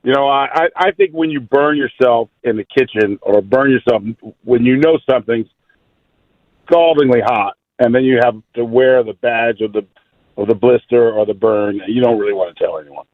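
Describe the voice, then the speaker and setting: A man calling in to a radio show, talking casually in an earnest, slightly halting way. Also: mid-range voice, no echo. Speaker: caller. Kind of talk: casual chat. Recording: muffled phone line.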